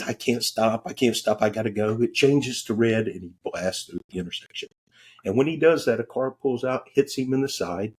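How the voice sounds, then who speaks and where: A man's voice: medium pitch, a little mellow. A man who is a guest on a podcast, telling a story in a casual, candid way and cursing now and then. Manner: casual and candid, swears freely. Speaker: guest, transformational coach. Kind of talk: conversational storytelling.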